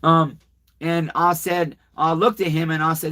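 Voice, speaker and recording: A livestream host with a high-side voice speaks in an unhurried, flat manner, his tone bright and forceful. He chats casually, swearing and rambling as he tells a story, reads comments, and addresses viewers directly.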